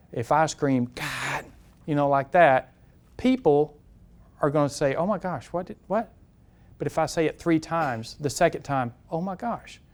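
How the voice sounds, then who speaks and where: Direct, smooth-voiced police safety trainer. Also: male voice, mid-range voice. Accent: Southern US. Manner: direct and conversational, repeats points, asks the audience questions. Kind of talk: live safety seminar talk. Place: classroom lecture room.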